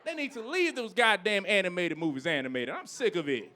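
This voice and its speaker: Performing stand-up at a club, a man in his thirties rants briskly with big swings in pitch, alternating loud outbursts with low asides.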